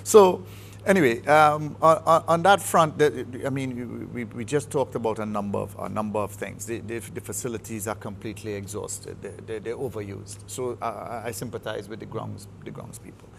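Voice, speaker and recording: A football coach from Trinidad and Tobago gives a studio interview in a fairly low voice at a moderate pace, with vocal fry and a bit of hiss or hum in the recording. His Trinidadian accent comes through as he speaks emphatically, repeating words to build his points.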